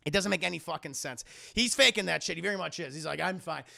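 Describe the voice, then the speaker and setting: A man giving casual livestream film commentary, animated and profane, laughing often. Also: on the high side, fast, vocal fry. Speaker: live-streaming film reviewer.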